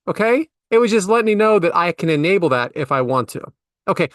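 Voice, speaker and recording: Middle-aged male co-host; animated, exasperated anecdotes, pitched high. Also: fairly quick, no echo, clean studio sound. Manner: animated, exasperated storytelling with big pitch jumps. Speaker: podcast co-host. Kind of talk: casual storytelling chat.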